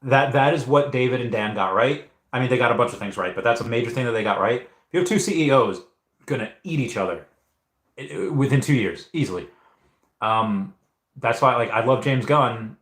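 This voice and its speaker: A man's voice: medium pitch, animated, brisk, a bit bright. A young man hosting a casual livestream Q&A, reading chat and rambling with frequent restarts and repeated words. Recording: echoey room.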